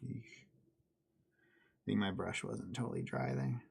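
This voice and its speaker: Gravelly-voiced man talking through his painting. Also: lowish voice, animated, takes it slowly. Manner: chatty, self-deprecating, laughs easily. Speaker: miniature painting streamer. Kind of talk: casual live painting tutorial.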